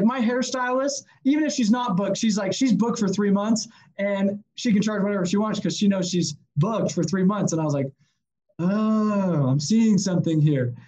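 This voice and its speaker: In a low-quality recording, a man whose voice sits high tells casual stories as a podcast guest. A sales consultant, he's animated and does impressions of the people he quotes, with some swearing mixed in.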